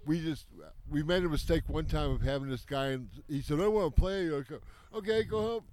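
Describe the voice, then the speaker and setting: Halting man, festival organizer. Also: fairly high pitch, darkish tone. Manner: halting, repeats words and restarts. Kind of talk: casual interview.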